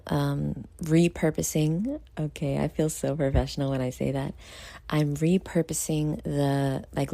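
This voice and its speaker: A woman from New York hosts a late-night vlog, tired and rambling through her thoughts with lots of fillers. Her voice sits low, with a gravelly, mellow tone. The sound is dry and close. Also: dry recording. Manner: self-critical, rambling with many fillers. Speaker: show host.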